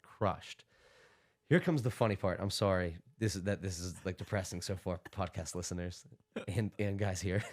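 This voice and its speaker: A man's voice: deep voice, a little mellow. A young man, a podcast guest, telling a story casually, rambling and laughing through it with many fillers.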